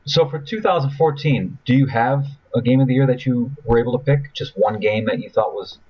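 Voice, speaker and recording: Man, podcast co-host, husky voice, dull lo-fi recording, asks questions, hesitant. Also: medium pitch, a little fast. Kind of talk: casual chat.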